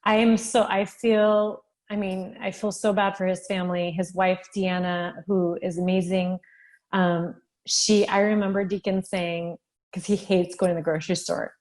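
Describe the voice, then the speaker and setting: A woman in her thirties, a physician assistant, telling her story as a podcast guest, animated and at times tearful. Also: medium pitch, normal speed, poor audio. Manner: animated storytelling, acting out dialogue. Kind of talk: podcast interview, personal testimony.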